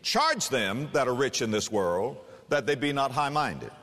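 A man preaching a sermon, emphatic and animated, slowing down for scripture and speeding up to press a point. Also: medium pitch, in a large hall.

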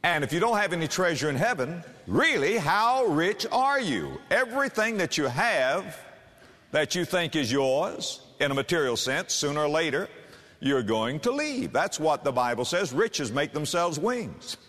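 A man preaching with a lively, swooping delivery, reading scripture slowly and then driving his points home quickly. His voice sits a little above the usual male pitch. A long reverb trails each phrase, as in a large hall. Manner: animated, emphatic preaching with varied pace. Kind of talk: sermon.

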